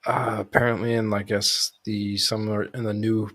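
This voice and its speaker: In a casual podcast chat, a male co-host rambles with many fillers and restarts. His lowish voice has little pitch movement, a moderate pace, and a slightly bright quality.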